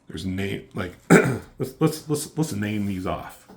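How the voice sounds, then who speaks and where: A man's voice: fairly low pitch, animated, takes it slowly, vocal fry, darkish tone. A man casually reviewing a comic book, rambling with lots of fillers and casual swearing.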